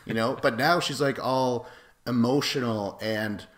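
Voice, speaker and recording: A man co-hosting a casual podcast, swearing freely and joking crudely as he goes. His voice sits at a middle pitch for a man. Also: unhurried. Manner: crude, joking, profane banter. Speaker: podcast co-host.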